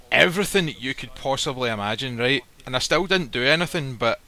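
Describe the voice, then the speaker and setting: A man tells a personal story in a casual, unfiltered way, swearing freely and acting out what others said. His voice is bright and forceful, sitting at a middle pitch. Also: animated, brisk. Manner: blunt, swears freely, acts out quoted lines. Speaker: guest telling a personal story. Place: live stream recording.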